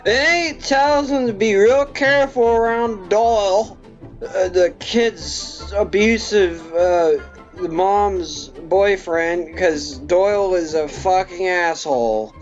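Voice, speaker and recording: Wasted reviewer slurring slowly thru a movie recap, cussing, muffled lo-fi sound w/ faint music. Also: medium pitch. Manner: rambling, profane, slow. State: drunk. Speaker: film reviewer. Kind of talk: comic plot recap.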